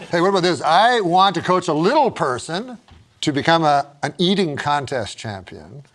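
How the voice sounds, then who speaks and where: A man's voice: a little high, sing-song, moderate pace, a bit bright. A man hosting a casual talk show, reading jokes off cards and breaking into laughter.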